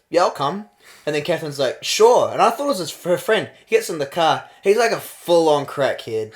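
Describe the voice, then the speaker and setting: Young kiwi guy telling a wild story. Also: a little high. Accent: New Zealand. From New Zealand. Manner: animated, laughing while telling a wild story. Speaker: podcast co-host. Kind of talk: casual storytelling chat.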